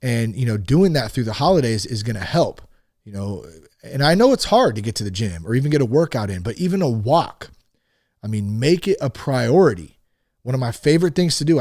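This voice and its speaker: Male podcast host, casual and chatty, self-deprecating, plain mid-pitched voice, dry close sound. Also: a little mellow, dry recording. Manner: conversational and self-deprecating, with many fillers. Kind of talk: casual solo podcast talk. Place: home in Northern California.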